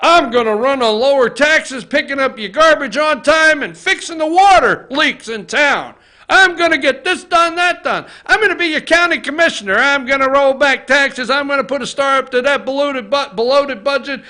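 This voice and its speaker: A man mimicking an eager small-town male politician who reels off brisk, boastful campaign promises. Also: extremely high pitch, lively intonation, sharp tone, full character voice.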